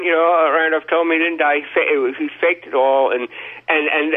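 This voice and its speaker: Male caller, halting rambler, heavy stammer and fillers, tinny phone-line sound. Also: a little high. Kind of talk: rambling phone call to a talk show.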